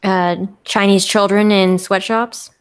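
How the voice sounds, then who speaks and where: Giggly ironic woman chatting on a podcast, middle pitched voice. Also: steady tone, slow pace, smooth. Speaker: podcast co-host. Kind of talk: casual chat.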